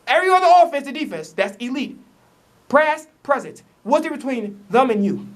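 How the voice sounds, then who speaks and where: A man's voice: very high-pitched, fairly bright tone. A man ranting in a sports vlog he recorded himself on camera. He is upset and frustrated, swears a lot, and stumbles into repeated restarts when heated. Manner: angry, profane, emphatic ranting. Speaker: sports commentator vlogger. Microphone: self-recorded camera.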